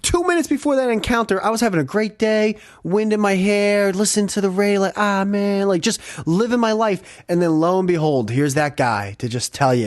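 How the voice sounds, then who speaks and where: Young male podcast host, excitable and profane, higher voice, dry close sound. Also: fairly quick, hardly any pauses, dry recording. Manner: swearing, excitable, laughs often. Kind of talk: casual storytelling chat.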